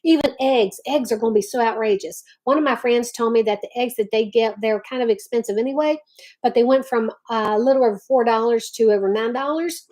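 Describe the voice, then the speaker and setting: A woman's voice: a little high, fairly quick. Chatty woman hosting a livestream. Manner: chatty, warm greetings to viewers, restarts often. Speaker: livestream host. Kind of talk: casual live-stream chat.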